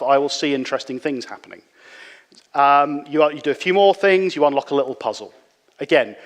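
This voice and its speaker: A man giving a relaxed, conversational conference talk, with frequent fillers and restarts. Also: fairly high pitch. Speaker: conference speaker. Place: conference hall. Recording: reverberant hall.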